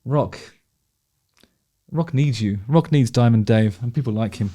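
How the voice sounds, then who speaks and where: Against a noisy background, a man of medium pitch speaks a little slowly as he reacts to concert footage. He gives casual, opinionated commentary, chatting, swearing freely, often restarting sentences and laughing along.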